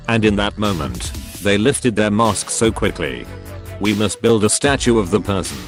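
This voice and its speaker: A man's synthetic voice reading forum posts aloud in a flat tone, misreading symbols and abbreviations. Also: lowish voice. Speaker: narrator reading online posts.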